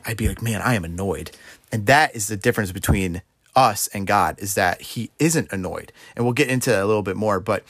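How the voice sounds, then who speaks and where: A man's voice: fairly low pitch, fairly bright tone, no room sound, studio quality. A young man preaching an informal sermon in a loose, conversational way, often restarting his sentences. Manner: conversational, rambling, self-correcting, laughs while speaking.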